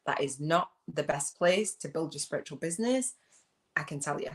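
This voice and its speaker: A middle-aged woman speaks to her livestream viewers in a low voice. She is earnest and openly emotional, repeats her phrases, and guides them through journal prompts. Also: expressive, normal speed. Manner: reads out viewer comments. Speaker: spiritual business coach and host.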